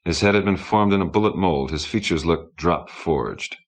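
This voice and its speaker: Very deep-voiced male audiobook narrator. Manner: steady, measured storybook narration. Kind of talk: audiobook reading.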